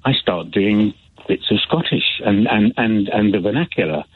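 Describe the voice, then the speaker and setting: A man's voice: on the low side, animated, normal speed, husky. A male caller with a slight Belfast accent, talking hesitantly with many fillers and restarts. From Northern Ireland. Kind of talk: phone-in chat. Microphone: telephone. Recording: tinny phone line.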